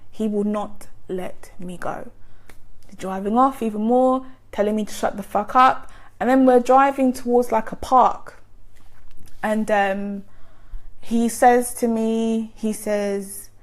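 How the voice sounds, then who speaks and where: A woman with a gentle voice, telling a personal story in a chatty vlog style full of likes and ums. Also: fairly high pitch, steady tone, takes it slowly. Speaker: vlogger. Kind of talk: casual storytime monologue.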